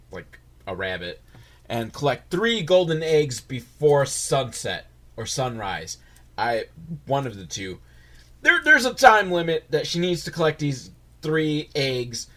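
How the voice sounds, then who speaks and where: A man's voice: medium pitch, fairly bright tone. Guy doing a snarky swear-y movie recap, voice bouncing all over the place, goes off on tangents. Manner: sarcastic, rambling, profane, mocking asides. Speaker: movie reviewer. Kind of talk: comedic movie recap commentary.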